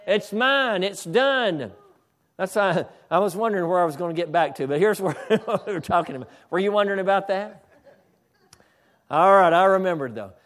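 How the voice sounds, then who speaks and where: A fervent male preacher with a high voice, preaching a sermon. He stumbles and restarts his phrases, then swells up to shouted declarations. Bursts of praise break into his flow. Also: fairly quick. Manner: fervent, repetitive restarts, exclaims "hallelujah"; builds to shouting.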